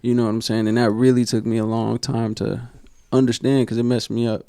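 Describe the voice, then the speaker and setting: A man's voice: medium pitch, flat delivery, a little fast, gravelly, mellow, no room sound, studio quality. A man co-hosting a podcast, talking in a casual, slangy way and opening up about family and friendship. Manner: laid-back, slangy, emotional when talking about family. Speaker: podcast co-host. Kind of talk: casual chat.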